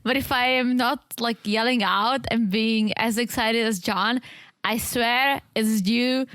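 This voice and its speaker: A woman with an accent co-hosts a relaxed podcast, her voice a little high. She speaks slowly and carefully because her mouth is still tight and sore. The sound is dry and close. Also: dry recording. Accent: foreign accent. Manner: slow and a bit careful speaking. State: mouth sore and tight after dental surgery. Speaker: podcast co-host. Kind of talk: casual podcast chat.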